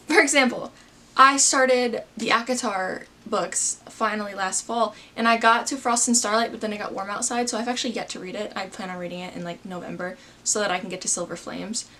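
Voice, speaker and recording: Young woman, twenties, book vlogger, casual chat, rambling, self-deprecating, somewhat high voice. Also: a bit bright. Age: 20s.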